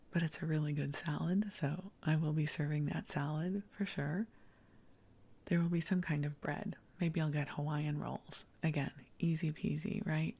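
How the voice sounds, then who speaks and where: A middle-aged woman hosting a sleep podcast, rambling softly in a half-whisper and laughing at herself. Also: deep voice, creaky, husky. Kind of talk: soft bedtime rambling.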